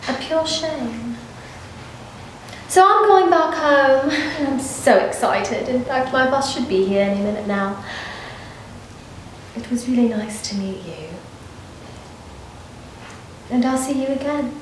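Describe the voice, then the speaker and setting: A woman's voice: on the high side, measured pace, pauses often, slight background noise, close to an everyday voice. An actress playing a nervous, evasive young woman on the run, talking in a rambling, defensive way with nervous laughs. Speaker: actor. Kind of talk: dramatic monologue. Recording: very echoey room.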